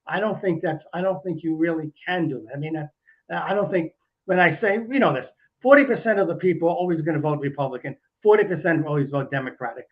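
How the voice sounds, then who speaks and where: Older male journalist guest, halting and measured, dull lo-fi remote sound. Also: on the high side. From New Jersey. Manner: hesitant, many restarts, measured. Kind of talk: political interview.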